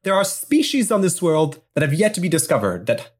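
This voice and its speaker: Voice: medium pitch, big pitch swings, fairly quick, slightly rough. A game master narrating a tabletop pirate scene with playful improvised storytelling. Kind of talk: tabletop role-play narration.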